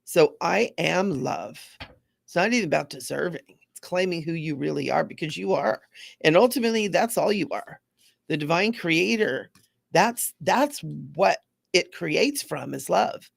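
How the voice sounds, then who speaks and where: Woman, intuitive reader, gravelly fry, affirming chatty manner. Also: lowish voice, lively intonation, normal speed, no room sound, clean studio sound. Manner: affirming, repeats mantras, chatty asides. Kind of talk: live spiritual card reading.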